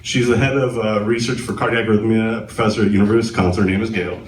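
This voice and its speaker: A man's voice: fairly low pitch, steady tone, rapid-fire, slight background noise. A man doing a live stand-up set on a comedy club stage, with a sardonic, self-deprecating delivery, recorded from a distance in an echoey club.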